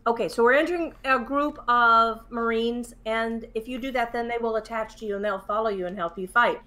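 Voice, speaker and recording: A woman chatting casually, retelling a story with lively acted-out quotes. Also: on the high side, a little fast. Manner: lively retelling, acts out quoted whispers and shushing.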